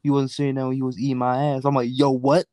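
A young man in casual podcast chat, animated and laughing, acting out the people in his stories, swearing freely. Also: mid-range voice, quick pace, no room sound. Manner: animated storyteller, acts out voices, laughs often, swears freely. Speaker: podcast guest. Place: in a car.

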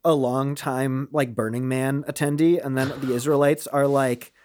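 A man joking around on a podcast over a video call, animated and fond of quick impressions. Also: clear, resonant tone. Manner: animated, jumps into high-pitched character voices. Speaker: podcast co-host. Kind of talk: casual comedic chat. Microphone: remote video call.

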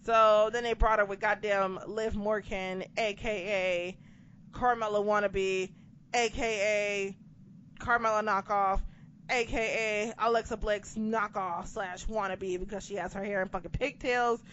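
A podcast co-host with an unhurried, mid-range voice chats casually through a wrestling recap. Her animated retelling is full of profane, sarcastic asides, captured with dull lo-fi sound and background noise.

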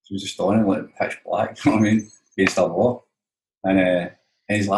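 A man's voice: sits low, steady tone, brisk, darkish tone. A Scottish man, a touring musician, telling stories in casual, rambling, sweary chat, often saying "you know what I mean". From Scotland. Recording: roomy echo.

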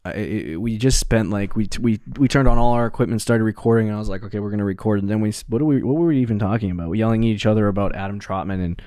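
Low-voiced young man rambling through a podcast. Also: very fast, few pauses, warm tone, clear, resonant tone, no echo, clean studio sound. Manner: rambling, self-correcting, laughs often. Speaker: podcast co-host. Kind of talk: casual podcast chat.

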